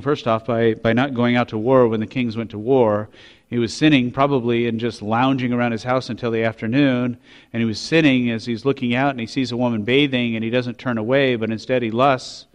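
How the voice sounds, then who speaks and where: A man preaching a sermon, reading scripture and asking rhetorical questions with rising intensity. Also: medium pitch. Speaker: pastor.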